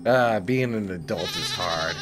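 A man's voice: low-pitched, unhurried. A man giving casual, joking gameplay commentary, swearing freely and laughing at himself. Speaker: let's play gamer. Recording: game music playing under the voice.

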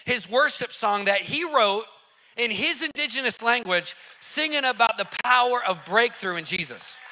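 Guy with a high, really bright voice telling a wild story, acts out the other people's lines, super animated. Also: normal speed. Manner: excited, acts out quoted voices, repeats phrases for emphasis; casual slang, addresses listeners directly. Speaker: preacher telling a personal story.

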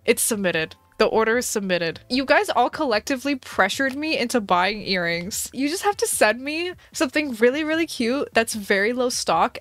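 A young woman streaming a game, chatting casually with her viewers in an excitable, dramatic way, dropping to mutters and jumping up to shrieks. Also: on the high side, moderate pace, hardly any pauses, dry recording. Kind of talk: casual gameplay commentary to a live chat.

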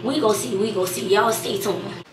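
A woman's voice: medium pitch, moderate pace, background noise. A young woman, talking in a brash, rambling, hyped way while she films a prank vlog at home. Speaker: vlogger pranking her boyfriend. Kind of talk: casual prank vlog talk. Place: home room. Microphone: camera set up in the room. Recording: echoey room, far from the camera.

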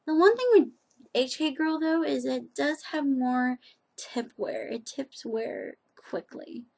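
A woman's voice: sits high, expressive, takes it slowly, creaky, darkish tone. A woman chatting casually in a rambling, self-deprecating way as she reviews nail polish on her vlog.

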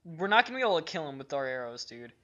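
A man commentating a video game with friends, giving orders to teammates and exclaiming loudly when things go wrong. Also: a little high, big pitch swings, racing, lo-fi sound. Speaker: gaming co-commentator.

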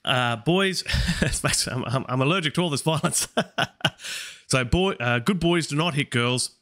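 A man's voice: a little high, measured pace, a bit bright. A man hosting a live study stream, working through translations aloud and questioning himself as he goes. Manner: puzzles over translations aloud, self-questioning. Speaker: Latin learner hosting a stream.

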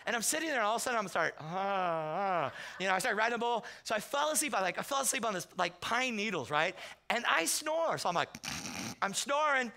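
A man's voice: very high voice, quick pace, creaky. A man preaching as a guest pastor, telling comic stories and acting out the voices in them. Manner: animated, comic storytelling with acted-out quotes. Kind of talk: storytelling sermon. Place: church sanctuary.

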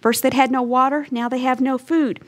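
A woman's voice: high voice, fairly even intonation, moderate pace. A woman teaching a Bible lesson in an earnest, emphatic storytelling way, acting out short quotes as she goes. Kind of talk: teaching sermon.

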